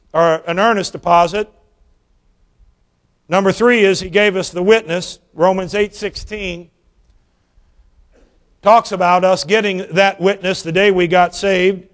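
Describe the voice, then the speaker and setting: Evangelist in his fifties, folksy and animated, high voice. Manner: folksy, animated, drawn-out emphasis. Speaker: evangelist preacher. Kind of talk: sermon with storytelling.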